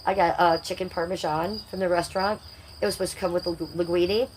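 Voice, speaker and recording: A woman with a somewhat low voice hosts a casual livestream. She rambles and confides, talking straight to her viewers. A faint hum of noise sits under her voice. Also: steady tone, fast talker, low-quality recording. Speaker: livestream host.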